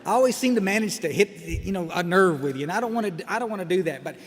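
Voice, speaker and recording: A middle-aged man with a high, animated voice talks fast, giving a humorous personal talk at a recovery meeting. Wry and joking, he often restarts sentences and makes asides to the crowd, recorded in an echoey hall with faint background noise.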